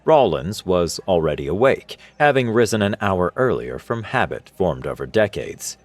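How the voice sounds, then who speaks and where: A man reading a scripted science-fiction story in a steady, expressive way. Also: sits low, moderate pace, no echo. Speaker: narrator. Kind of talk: scripted sci-fi story narration. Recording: narration over faint music. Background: faint music.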